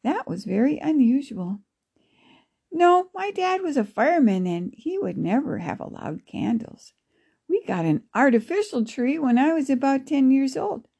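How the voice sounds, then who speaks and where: Woman voicing a kindly grandmother, gentle, encouraging, mellow, gravelly. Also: sits high, sing-song, moderate pace, full character voice. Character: kindly, warm-hearted grandmother.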